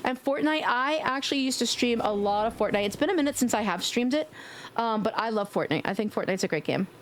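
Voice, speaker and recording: A woman streamer chatting casually with her viewers in a playful way, now and then slipping into squeaky baby talk and screams. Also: expressive, fast, a little hiss or hum. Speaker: livestreamer. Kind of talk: casual live-stream chat.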